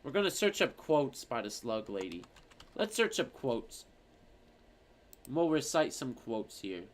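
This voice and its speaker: Animated, rambling male streamer. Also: medium pitch, unhurried. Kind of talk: casual chat reading viewer comments.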